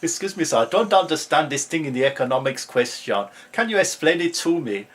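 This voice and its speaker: A man voicing an anxious young male Nigerian student with a Nigerian accent, loud and pleading. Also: fairly high pitch, animated, fairly quick, voice pushed up.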